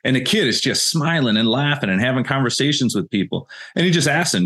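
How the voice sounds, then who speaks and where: Husky man co-hosting a podcast. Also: medium pitch, animated, fast talker, hardly any pauses, a bit bright. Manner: emphatic, repeats words when starting sentences. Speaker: podcast co-host. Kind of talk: casual podcast discussion over video call. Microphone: video call.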